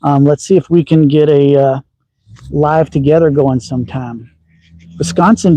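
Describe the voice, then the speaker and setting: Folksy middle-aged man, mellow voice. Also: on the high side, fairly even intonation, unhurried, no echo, rough recording. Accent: slight Southern with a touch of upper Midwest. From Texas. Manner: folksy and rambling, with frequent ums. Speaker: slingshot channel host. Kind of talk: casual livestream chat. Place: outdoors at a backyard shooting range.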